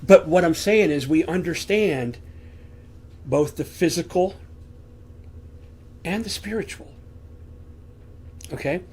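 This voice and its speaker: A man with a somewhat high, husky voice talks through a Bible lesson from a room at home. He preaches in a conversational, earnest way, asking his listeners questions. He speaks into a desk microphone while on camera. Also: slow, pauses often, darkish tone.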